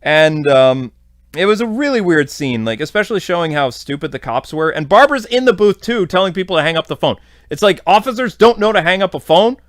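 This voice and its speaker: A man's voice: sits high, lively intonation, brisk, no echo, studio quality. A man hosting a podcast, giving a casual, rambling episode recap full of fillers. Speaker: podcast host.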